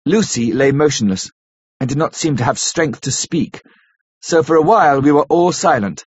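Husky male audiobook narrator. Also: on the high side, no room sound. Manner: measured, steady storytelling. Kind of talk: scripted narration of a classic novel. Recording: dull lo-fi recording.

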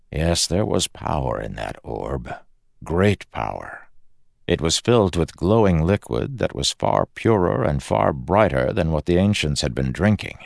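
A man reading a fantasy audiobook aloud in a measured, dramatic storytelling manner. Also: very deep voice, creaky, no echo, studio quality. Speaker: audiobook narrator. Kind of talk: scripted fantasy narration.

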